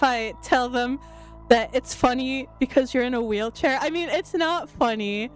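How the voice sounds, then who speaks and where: A woman streamer talks to her live chat in a high, unhurried voice. She keeps breaking into giggles and squeals and is laughing to tears. Faint music plays behind her.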